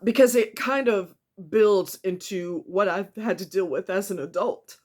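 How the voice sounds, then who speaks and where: A woman speaking in a personal confessional vlog, emotional and with a tight throat, talking haltingly with many ums and restarts and swearing bluntly. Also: mid-range voice, a little mellow. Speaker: vlogger.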